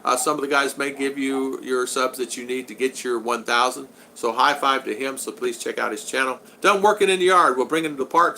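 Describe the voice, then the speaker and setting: Creaky and sharp-toned, this mid-range male voice belongs to a man in his sixties streaming casually from home in the Philippines. He chats loosely, reads viewer comments aloud, and gives his regulars some good-natured teasing, over a little hiss or hum.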